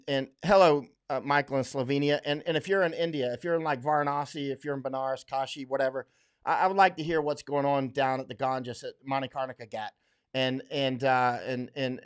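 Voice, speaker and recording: A smooth, mid-range voice belongs to a middle-aged Florida man hosting a laid-back livestream. He laughs often and responds to viewer comments bluntly and emphatically, rambling with many fillers and restarts.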